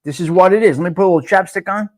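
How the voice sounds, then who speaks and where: Man, live-stream host, high voice, loud, swearing, chatty. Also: very fast. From North Jersey. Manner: loud, profane, talks to viewers by name. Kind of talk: casual live-stream chat.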